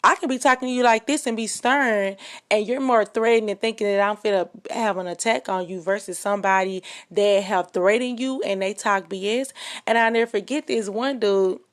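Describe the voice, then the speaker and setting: A woman's voice: medium pitch, fairly even intonation, normal speed. Impassioned woman podcast host. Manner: impassioned, emphatic, frequent fillers. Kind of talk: casual opinion monologue.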